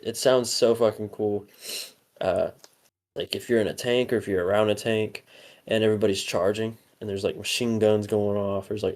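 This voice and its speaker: A man's voice: fairly low pitch, darkish tone. A young man co-hosting a podcast, chatting casually, rambling with lots of fillers and frequent swearing. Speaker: podcast co-host.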